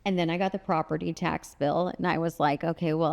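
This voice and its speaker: A woman chatting as a podcast guest, telling a story with lots of fillers and acting out quoted lines in a brighter voice. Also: steady tone, brisk, creaky, big-room sound. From United States (Bay Area). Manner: chatty, filler-heavy, acts out quoted dialogue in a higher voice. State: had lost her voice at the time told, not now. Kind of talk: candid storytelling chat.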